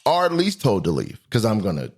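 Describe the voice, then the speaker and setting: A man hosting a podcast in a comedic monologue, talking animatedly, swinging between high and low pitch and laughing often. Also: huge pitch swings, fairly quick, a little mellow. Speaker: podcast host.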